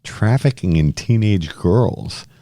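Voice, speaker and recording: A man co-hosting a podcast, talking through a criminal trial in casual conversation, opinionated and quick to chuckle. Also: lowish voice, animated, warm tone, no room sound, clean studio sound. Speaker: podcast co-host. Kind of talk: casual true-crime discussion.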